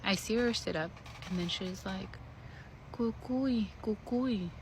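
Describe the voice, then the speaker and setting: A woman's voice: mid-range voice, normal speed, background noise. Woman telling a creepy storytime, cursing freely. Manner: candid, profane, animated retelling. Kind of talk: casual storytime.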